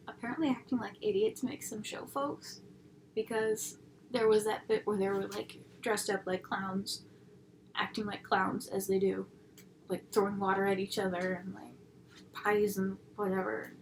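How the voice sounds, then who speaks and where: A woman's voice: medium pitch, steady tone, moderate pace. A young woman reviewing an episode in a casual, rambling way, full of tangents and sarcastic asides. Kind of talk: casual chat. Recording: audible background noise.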